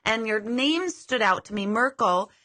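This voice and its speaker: Woman, casual live-stream host, self-deprecating and loose-tongued, bright and slightly high voice. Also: expressive, a little slow.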